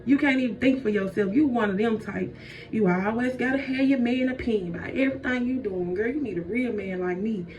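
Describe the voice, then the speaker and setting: A woman's voice: on the high side, brisk, a little mellow, lightly acted. A woman voicing a sly, flirtatious male snake who uses slangy pickup lines in a comedic Bible story retelling, recorded dull and distant with faint noise. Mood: taunting.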